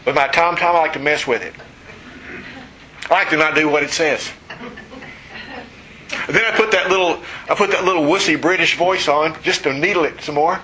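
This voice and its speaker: A man's voice: fairly high pitch, moderate pace, long pauses, slight background noise, low-quality recording. A man preaching a sermon in a conversational, teasing way, asking the congregation questions. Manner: conversational, teasing, animated storytelling. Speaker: pastor.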